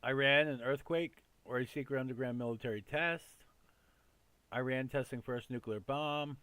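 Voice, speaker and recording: A man's voice: mid-range voice, steady tone, normal speed, sharp tone, smooth, dry recording. A man hosting a casual news commentary show, talking in a loose, rambling way with lots of fillers and repeats.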